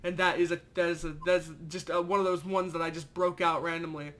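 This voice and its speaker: High bright-voiced man, rambling. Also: little pitch movement, a little fast. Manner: rambling and giggly, many fillers. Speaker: podcast co-host. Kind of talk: casual fan podcast chat.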